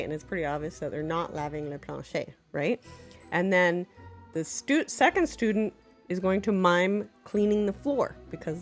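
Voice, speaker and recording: A woman teacher giving an unscripted walkthrough of her classroom games. She talks in a chatty, playful way, drops in quick French examples, and teases herself in small asides. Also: on the low side, soft background music. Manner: jumps into lively French examples while explaining.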